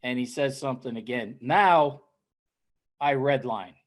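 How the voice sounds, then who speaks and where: A man co-hosting a casual chat, telling an animated story and often tagging his lines with "right?". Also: mid-range voice, measured pace. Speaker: co-host.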